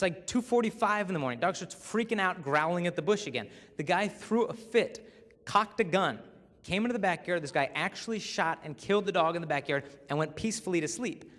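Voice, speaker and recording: A young man giving a humorous inspirational talk as a youth speaker, animated and acting out voices. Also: a little high. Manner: animated, acts out voices for comic effect. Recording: echoey hall.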